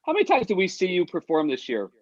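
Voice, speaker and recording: A male guest in a casual comedic chat, laid-back and giving short replies, with loud background noise. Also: high voice, huge pitch swings, quick pace, highs cut off.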